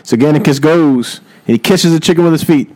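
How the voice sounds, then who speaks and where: Young guy making up a dumb story, kinda high voice, rambly and laughing. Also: fairly quick, darkish tone, poor audio. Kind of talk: improvised comedy storytelling.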